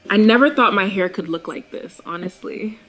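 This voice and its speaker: A woman's voice: medium pitch, normal speed, fairly bright tone, faint music behind, close to an everyday voice. A synthetic woman's voice playing a young woman who gives a chatty, confiding hair-care testimonial.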